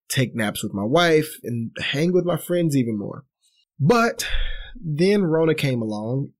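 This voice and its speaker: Earnest man in his thirties, vlogging. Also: medium pitch. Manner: earnest, reflective, casual fillers. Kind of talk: personal storytelling vlog.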